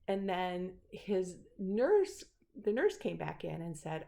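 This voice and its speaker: A woman's voice: on the low side, big pitch swings, takes it slowly, vocal fry, dark tone. A middle-aged woman casually telling a personal story, rambling with many fillers and restarts. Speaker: speaker sharing a personal story.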